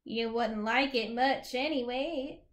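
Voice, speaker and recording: A woman's voice: high voice, normal speed, reverberant, close to an everyday voice. A woman voicing a cheerful little boy who is precise and matter-of-fact, explaining things patiently, in a storybook reading.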